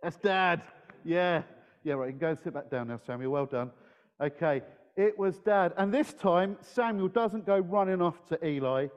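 Man, children's talk at church, slightly high voice, playful questions, echoey hall, muffled sound. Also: moderate pace, smooth. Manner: playful, engages the audience with questions. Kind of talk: lively talk to children in a service. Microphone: handheld microphone.

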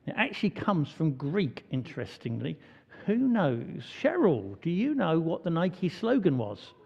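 Man, high animated voice, family church talk, dull echoey hall recording. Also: unhurried, creaky. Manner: lively, chatty, asks the children questions. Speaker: preacher leading a church service. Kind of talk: all-age church talk.

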